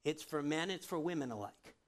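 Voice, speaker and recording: Man preaching, fairly high voice, chatty, checks in with listeners. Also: lively intonation, a little fast. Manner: conversational, checks in with the congregation often. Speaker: pastor. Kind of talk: sermon.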